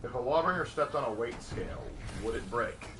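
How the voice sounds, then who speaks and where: A young man on a casual gaming stream, reading chat questions and answering them with jokes and trivia. His voice sits at an ordinary middle pitch. Clear background hiss runs under the home recording. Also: expressive, brisk, far from the mic. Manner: joking, trivia-minded.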